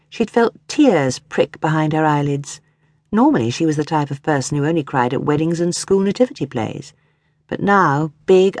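A woman reads a short story aloud in an expressive storytelling manner. Her voice sits low yet moves through a wide, lively range of pitch. The recording is dry and close, as in a studio booth. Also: no room sound. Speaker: audiobook narrator. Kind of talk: scripted narration.

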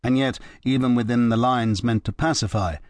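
A man narrating an audiobook in a measured, even manner. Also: medium pitch, dry recording. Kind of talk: scripted narration.

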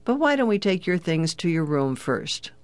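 A narrator voicing a friendly, talkative lodge owner who speaks in a chatty, easygoing way. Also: male voice, a little high, big pitch swings, normal speed, no echo.

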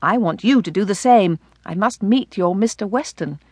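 A woman voicing a composed, friendly young gentlewoman in an audiobook. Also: medium pitch, lively intonation, moderate pace, slightly rough, no echo, clean studio sound.

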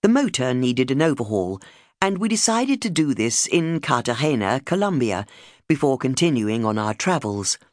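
A woman narrating a memoir audiobook in a measured storytelling manner. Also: no room sound, clean studio sound. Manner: measured, warm storytelling with lively pitch.

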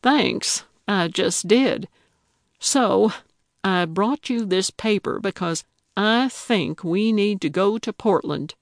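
A woman's voice: mid-range voice, takes it slowly, no echo, studio quality. A woman reading an audiobook, voicing a feisty, indignant elderly woman who fancies herself a detective. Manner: indignant, emphatic.

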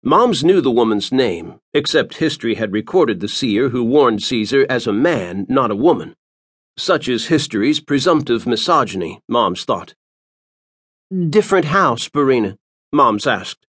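A man reads an audiobook in a dramatic, scripted style. His pitch sits in the middle of the male range but moves a great deal, giving the narration lots of movement. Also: lively intonation, moderate pace, a bit bright, husky, no room sound, studio quality.

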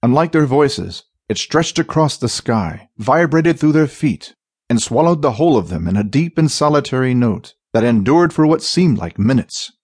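A man narrating a fantasy audiobook in a dramatic, expressive reading. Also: medium pitch, normal speed, breathy edge, dry recording, studio quality.

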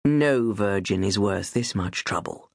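A woman narrating an audiobook voices a sinister, amused male aristocrat with a mellifluous voice and a soft, mocking drawl. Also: extremely low pitch, expressive, unhurried, creaky, slightly rough, dry recording, clean studio sound, pitched below the performer's own voice, full character voice. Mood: silkily menacing. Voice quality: mellifluous, silky. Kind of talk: audiobook character voice.

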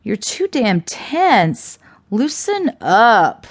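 A cold, vicious woman who swears freely and taunts her victim with contempt, as a woman narrator puts her on. She speaks slowly, dragging out her words with a raised, hard edge. An audiobook thriller performance. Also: a little high, sing-song, pitched above the performer's own voice, full character voice. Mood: menacing. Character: ruthless foul-mouthed woman, cold and vicious.

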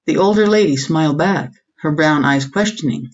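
A woman reading a historical novel aloud as audiobook narrator, in an even, measured way. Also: deep voice, distant mic, dull audio. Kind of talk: scripted narration.

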